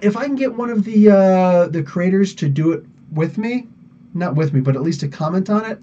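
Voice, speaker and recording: A man hosting a casual live podcast, answering chat in an excitable, rambling way with many fillers and restarts. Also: fairly high pitch, distant mic, highs cut off, slight background noise.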